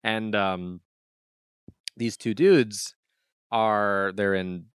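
Deep-voiced young man telling a story. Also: drawn-out words, clean tone, no room sound, studio quality. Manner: animated storyteller mimicking overheard voices. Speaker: podcast co-host. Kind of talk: casual chat, storytelling.

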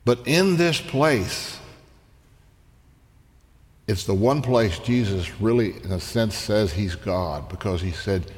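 A man preaching a sermon, slow and deliberate, rising in pitch and volume when he quotes scripture. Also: expressive. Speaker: pastor. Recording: long reverb in a large hall.

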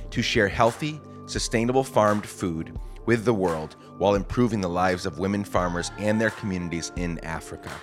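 A man hosting a podcast with a casual, joking manner and a groggy morning voice. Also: sits low. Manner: jokey, casual, self-deprecating. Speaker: podcast host. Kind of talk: conversational podcast interview.

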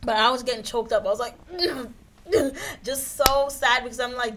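A woman from a Haitian family hosting a casual podcast, talking in a relaxed, conversational way. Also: on the high side, unhurried, noisy background.

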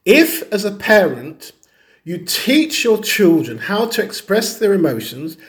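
A man's voice: sits high, big pitch swings, a little slow, fairly bright tone. Earnest man telling stories. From Caribbean heritage. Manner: earnest, storytelling, acts out quoted people. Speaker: speaker on grief and bereavement. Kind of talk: teaching talk with personal stories.

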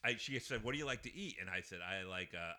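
Bright-voiced man telling a date story. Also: lowish voice, quick pace. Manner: animated storyteller who acts out quotes and laughs often. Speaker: podcast guest telling a story. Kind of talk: casual podcast storytelling.

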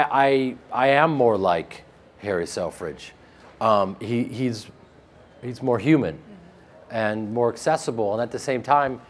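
A man with a flat Midwestern American accent, interviewed about his acting work, joking and self-deprecating with frequent restarts. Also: mid-range voice. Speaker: actor interviewed. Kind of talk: casual interview chat.

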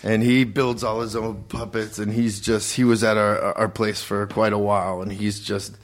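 A man's voice: on the low side, level tone, normal speed. A middle-aged man from Los Angeles, a podcast guest talking casually in a laid-back way and laughing often.

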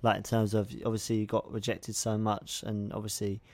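Interviewer guy, low gravelly voice, flat, dry room. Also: fairly quick, no room sound. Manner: brief affirmations. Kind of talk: casual interview talk.

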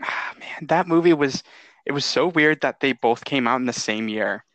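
A man's voice: mid-range voice, moderate pace, fairly bright tone, dry recording. Man laughing easily, dry close sound. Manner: laughs often, coughs after laughing. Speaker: podcast co-host. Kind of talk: casual watch-along movie chat.

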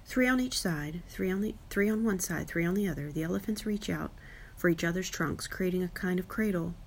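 A woman narrating a children's audiobook in a lively, wry first-person style, giving each character a voice. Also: lowish voice, brisk, creaky, a little hiss or hum. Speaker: audiobook reader.

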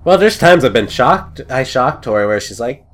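A young man chatting casually on a podcast, rambling and joking, and acting out little shouted scenes. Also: mid-range voice, expressive, moderate pace. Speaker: podcast host. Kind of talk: casual chat.

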